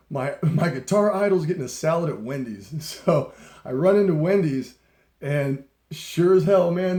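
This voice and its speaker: A man's voice: a little high, dark tone, echoey room. A middle-aged man hosting a talk show, telling a story in a casual, profane way and laughing often. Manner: laid-back and profane, laughs often, acts out voices in anecdotes. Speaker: podcast host.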